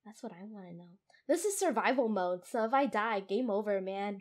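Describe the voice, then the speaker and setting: A young woman casually commentating her own survival game at home, jittery and giggly, easily startled and quick to laugh at herself. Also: medium pitch, expressive. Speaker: gamer playing a survival game. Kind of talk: casual let's play commentary. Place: room at home.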